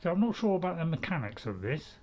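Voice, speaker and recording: A man in his seventies giving casual, rambling commentary as he plays a game, chatty and quick to joke at his own expense. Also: a little high, very animated, a little mellow, low-quality recording. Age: 70s. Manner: rambling, chatty, joking and self-mocking. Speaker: gaming channel host.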